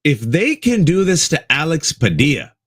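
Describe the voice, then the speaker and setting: On a live political talk show, a male co-host speaks at a moderate pace in a fairly bright, high-leaning voice with big swings in pitch. The recording is dry and clean, studio-grade. His commentary is impassioned, he calls listeners folks, and he repeats lines for emphasis.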